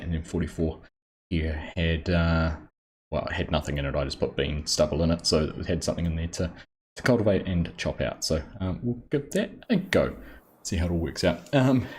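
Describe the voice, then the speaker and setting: An Australian man with a low voice hosts a relaxed live gaming stream, greeting his viewers one by one. His talk is chatty and easygoing, full of ums. A faint hiss of noise sits behind him. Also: fairly quick. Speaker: livestream host.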